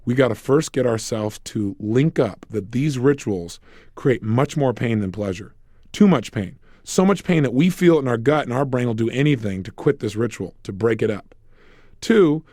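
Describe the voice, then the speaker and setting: A man giving a recorded self-help lecture, energetic and acting out little dialogues. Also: medium pitch, normal speed, dry recording, clean studio sound. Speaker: motivational speaker.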